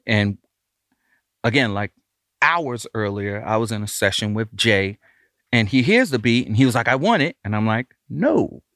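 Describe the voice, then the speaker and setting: A man's voice: lowish voice, moderate pace, pauses often, dry recording. A man, a record producer casually telling a studio story and acting out the voices of the people in it. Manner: animated, acts out the voices of others in his story.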